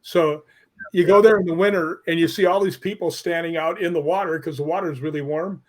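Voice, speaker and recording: A man telling stories as a guest on a live online show, animated and laughing as he goes. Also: on the high side, a little fast. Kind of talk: casual storytelling.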